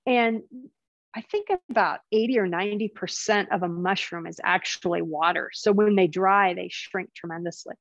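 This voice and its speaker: A woman's voice: fairly low pitch, normal speed, dry recording. Woman presenting on a muffled video call. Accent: American. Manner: chatty, apologetic through tech glitches. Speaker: presenter of an online talk. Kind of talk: casual live-stream presentation. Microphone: video call setup. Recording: dry, slightly muffled video call audio.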